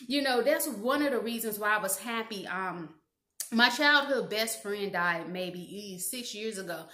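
A woman's voice: medium pitch, moderate pace, a bit bright, echoey room. A woman from the American Midwest telling a personal story in a candid, chatty way and laughing at herself now and then. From Gary, Indiana, USA. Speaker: vlogger telling her own story. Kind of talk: casual storytime monologue.

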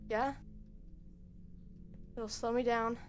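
A young woman streamer giving quiet, nervous, rambling let's-play commentary at home into a headset mic. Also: fairly high pitch, steady tone, extremely slow, faint music behind.

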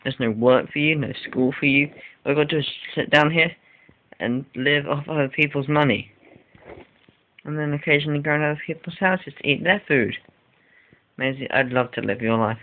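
A man's voice: on the high side, a little fast. Whiny rambling teenage boy vlogger. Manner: whiny, rambling, exaggerated complaining. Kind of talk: casual home vlog. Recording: tinny lo-fi with faint hiss.

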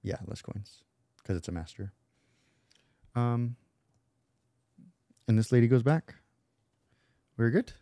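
A man's voice: mid-range voice, animated, takes it slowly, long pauses, mellow, no room sound, studio quality. A man playing a board game, explaining card rules and trading playful banter. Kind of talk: casual chat at a game table. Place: indoors at a table.

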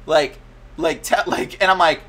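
A young man casually telling a story on a podcast, animated and full of "like" fillers, acting out what he heard. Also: on the high side, normal speed. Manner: animated, many "like" fillers, acts out his own quotes. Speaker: podcast co-host.

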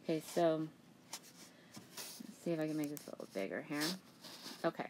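A woman's voice: deep voice, expressive, moderate pace, darkish tone, slight background noise, rough recording. A woman teacher talking through a reading assignment casually, with lots of "okay" and "um" as she paraphrases. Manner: plain, chatty paraphrasing with many "okay" and "um" fillers. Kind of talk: casual classroom explanation.

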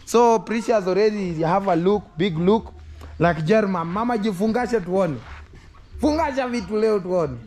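A man's voice: sits high, normal speed, a little mellow. A man talking casually to camera in broken English and coaxing his young children, in a home family vlog. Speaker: vlogger.

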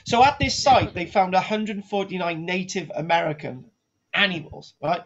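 A man's voice: high voice, moderate pace. Guy rambling through a jokey archaeology class, keeps saying right, dull lo-fi sound. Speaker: archaeology teacher. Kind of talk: comic online lecture.

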